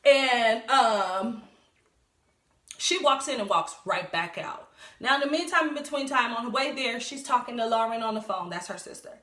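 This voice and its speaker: A woman's voice: a little high, lively intonation, moderate pace, sharp tone, reverberant. A woman giving casual recap commentary on a reality show, talking bluntly and profanely and laughing often.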